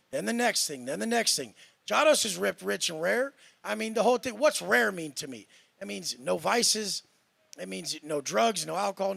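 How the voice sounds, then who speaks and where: Brash, profane man on a panel, high-pitched and heavily gravelly, bright edge to the voice. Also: no room sound. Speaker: panel guest. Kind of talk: heated podcast panel talk.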